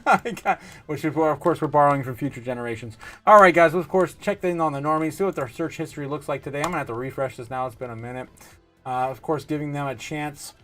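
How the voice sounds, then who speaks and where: A man's voice: a little high, fast, a bit bright, faint music behind. A man hosting a casual livestream, reading viewer comments aloud and laughing often, close to a desk mic. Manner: giggly, laughs often, reads chat aloud. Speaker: livestream host.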